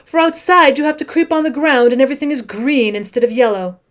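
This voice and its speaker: A woman with a rather high voice reads a classic story aloud as an audiobook. She reads dramatically, dropping to a hush and then rising again. She reads like a teacher sharing a text with her class. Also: lively intonation, fast talker. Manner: dramatic, with wide swings between hushed and raised passages.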